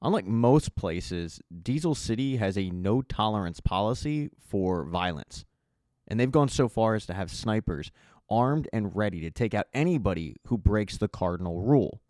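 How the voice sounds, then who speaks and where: A man's voice: fairly low pitch, expressive, moderate pace, a little mellow, no room sound, clean studio sound. A man narrating a casual, chatty recap of a TV season's plot. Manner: conversational, chatty storytelling. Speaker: TV recap YouTuber.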